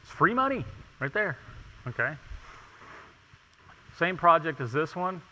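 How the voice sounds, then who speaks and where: A man's voice: a little high, very animated, measured pace, pushed and bright. Emphatic man lecturing in a reverberant hall. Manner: emphatic, rhetorical questions, frequent "okay?". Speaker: tile installation inspector presenting. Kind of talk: conference presentation. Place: large conference hall.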